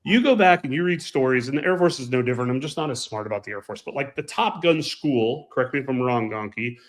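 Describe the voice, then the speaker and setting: A man co-hosting a casual podcast, telling emphatic, animated anecdotes about flying. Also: medium pitch, quick pace. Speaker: podcast co-host and pilot. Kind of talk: casual chat, storytelling.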